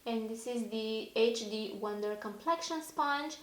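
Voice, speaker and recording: A woman beauty vlogger chatting casually through an unboxing, easily excited, her voice a little hoarse. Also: a little high, measured pace, roomy sound, poor audio. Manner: chatty, easily excited, gasps and laughs often. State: slightly hoarse.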